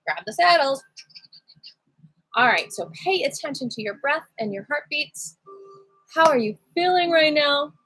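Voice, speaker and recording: A woman leading a livestream qigong class in a playful, giddy, chatty way, with slow guided prompts to notice breath and heartbeat. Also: sits high, expressive, a bit bright, poor audio. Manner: playful, giddy, breaks into sing-song cat voices. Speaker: qigong teacher. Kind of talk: casual livestream class guidance.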